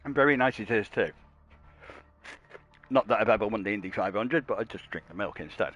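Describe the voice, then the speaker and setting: A man giving live commentary on an online racing league. He is chatty and jokey, rambles through asides, and gets louder and higher when a race starts. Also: expressive, brisk, highs cut off, faint music behind. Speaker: sim racing commentator and stream host.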